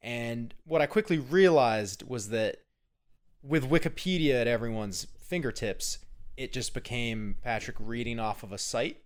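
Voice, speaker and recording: A man's voice: medium pitch, a little slow. Upbeat man co-hosting a podcast. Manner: upbeat, promotional, teasing. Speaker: podcast co-host. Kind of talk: casual chat.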